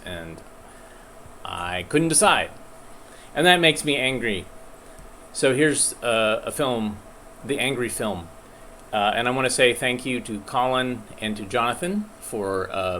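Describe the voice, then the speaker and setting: A man hosts a live film stream in a loose, halting way, stumbling through fillers with a self-deprecating tone. His voice sits a touch low. A faint hum of air conditioning runs behind him. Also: bright, forceful tone. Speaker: host presenting films. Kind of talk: casual live-stream chat.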